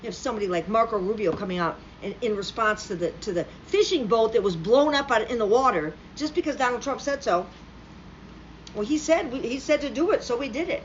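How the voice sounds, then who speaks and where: A woman with a higher voice and lively intonation rants about politics to the camera, sarcastic and profane, at a brisk clip. She's a political commentator, captured on a slightly dull lo-fi recording with a faint background hum.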